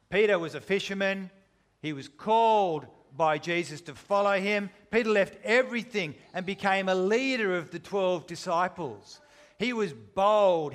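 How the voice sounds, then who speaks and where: A man preaching a sermon, retelling a story with dramatic, shifting intensity. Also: fairly high pitch. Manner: dramatic, shifting between loud and hushed.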